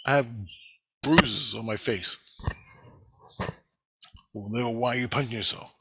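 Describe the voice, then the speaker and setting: Middle-aged man, bright dry voice, rambling and profane, intense vlog monologue. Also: medium pitch, a little slow, slightly rough, no room sound. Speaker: vlogger.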